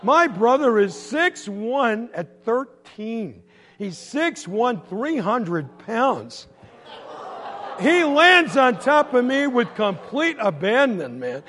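A man preaching a sermon, telling a story in an animated way, acting out voices and sound effects and laughing often. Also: extremely high pitch, slow, a little hiss or hum. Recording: long hall reverb.

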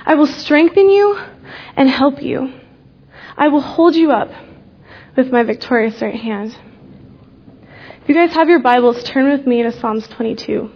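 Speaking slowly with deliberate pauses, a young woman gives a heartfelt testimony of her faith, her high voice animated and her key words dropping softly. The audio sounds lo-fi.

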